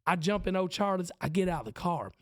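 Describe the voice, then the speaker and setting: A man's voice: high-pitched, lively intonation, quick pace, no room sound, studio quality. A man in his forties with a Southern accent, a podcast host and preacher telling a self-mocking story in casual chat. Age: 40s.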